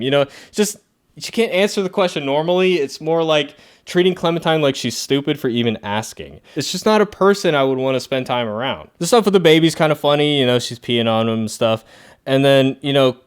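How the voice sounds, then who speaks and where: Young man, casual comic review, smooth clear voice, sarcastic asides, chuckles a lot. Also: mid-range voice, animated, normal speed. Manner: chatty, laughs often, sarcastic asides.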